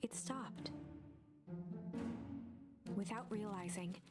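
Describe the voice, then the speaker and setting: Woman whisper-narrating a game on stream, hushed n breathy, clear music behind. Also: medium pitch, extremely slow. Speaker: streamer reading a visual novel.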